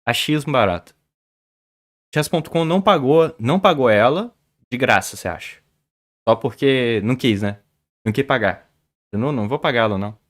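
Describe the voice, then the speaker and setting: A man's voice: mid-range voice, expressive, brisk, pauses often. A man, a Portuguese speaker, chatting casually with viewers on a chess stream, often stammering and repeating words. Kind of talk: casual livestream chat.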